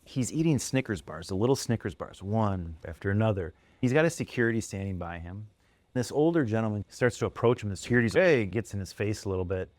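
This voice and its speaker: A man co-hosting a casual podcast and spinning animated stories with frequent laughter. His voice sits low. The close mic gives a dry sound. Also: quick pace, dry recording. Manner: animated storyteller, laughs often. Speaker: podcast co-host. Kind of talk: casual storytelling chat.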